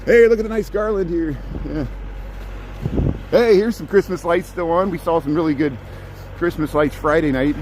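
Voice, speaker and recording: A man's voice: fairly high pitch, moderate pace, noisy background. A man hosting a live stream as he walks a snowy city sidewalk, chatting with viewers and rambling through joking, sarcastic asides. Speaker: livestreaming street-walk host.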